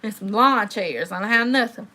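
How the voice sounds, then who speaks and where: A woman in her thirties chatting to live viewers, telling a story in a lively, animated way and talking straight to her audience. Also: mid-range voice, moderate pace. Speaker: live-stream host.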